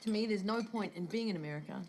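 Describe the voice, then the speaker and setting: A woman's voice: mid-range voice, quick pace, darkish tone, slight background noise, close to an everyday voice. A woman with a New Zealand accent playing a brash, car-loving stuntwoman in film dialogue who talks cheekily and swears freely. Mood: cheeky.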